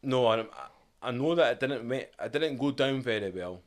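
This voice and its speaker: A man's voice: medium pitch, expressive, normal speed. A Scottish man in his thirties, a podcast guest telling his life story in a candid, reflective way. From Scotland. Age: 30s. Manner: candid, reflective, quotes his past self and family. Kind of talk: casual storytelling interview.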